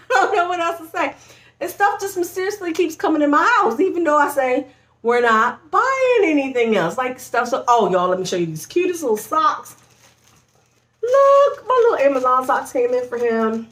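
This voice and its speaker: Bubbly high-voiced woman chatting, echoey room. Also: a bit bright. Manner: bubbly, chatty, laughs often, says y'all. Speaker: vlogger. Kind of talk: casual pregnancy vlog chat. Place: at home.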